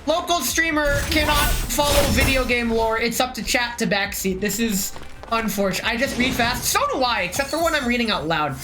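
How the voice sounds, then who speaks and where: A woman's voice: a little high, moderate pace, music in the background, poor audio. A woman live-streaming a game, chatting in a joking, profane, rambling way. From United States. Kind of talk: casual live-stream chat while playing a game.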